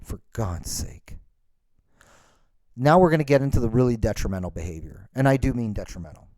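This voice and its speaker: A man's voice: medium pitch, big pitch swings, a little fast, a little mellow, no echo. A man hosting a podcast, ranting in an exasperated, sarcastic way. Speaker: podcast host. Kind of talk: ranting monologue.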